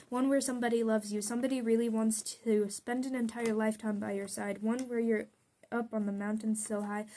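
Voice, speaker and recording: A woman's voice: mid-range voice, dark tone. Young woman reading her own poems. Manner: earnest, confessional delivery. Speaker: poet.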